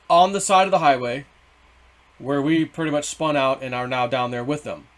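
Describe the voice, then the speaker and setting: A middle-aged man telling a story in a rambling, excitable way, swearing and then softening his words. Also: on the high side. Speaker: vlogger. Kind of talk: casual storytelling.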